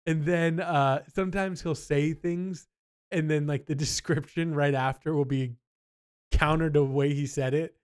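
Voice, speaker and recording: A young man in casual podcast chat, with a smooth, clear tone and a somewhat raised pitch. He tells stories with an animated, rambling energy, slipping into quick impressions of people. The talk feels loose and friendly. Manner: animated storyteller, mimics people in quotes. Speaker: podcast co-host.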